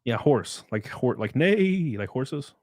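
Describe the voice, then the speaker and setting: A man's voice: mid-range voice, very animated, fairly quick, dry recording. A young man, a streamer and podcast host, chatting casually in a joking, teasing way. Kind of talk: casual chat.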